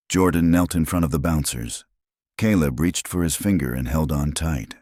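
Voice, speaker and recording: A man narrating a scripted drama story in a measured storytelling way. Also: rumbling low, a little mellow, no echo, studio quality.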